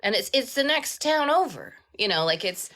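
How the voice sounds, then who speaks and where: A woman hosting a casual live-stream chat about narration, emphatic and quick to chime in with agreement. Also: on the high side, very animated, bright, forceful tone. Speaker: host and audiobook narrator.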